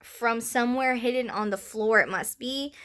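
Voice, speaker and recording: A young woman vlogging in a casual, chatty way, giggling often and filling her talk with "like" and "um," with a slightly rough morning voice. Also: on the high side, normal speed, fairly bright tone. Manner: chatty, giggly, lots of fillers. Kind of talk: casual vlog chat.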